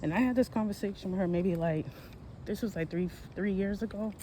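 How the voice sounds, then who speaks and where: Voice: medium pitch, fairly quick, mellow. A person in their forties chatting casually while out walking on a hot day, rambling and correcting themselves as they talk about history. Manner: rambling, conversational, self-correcting. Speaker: history vlogger. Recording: noisy outdoor phone recording.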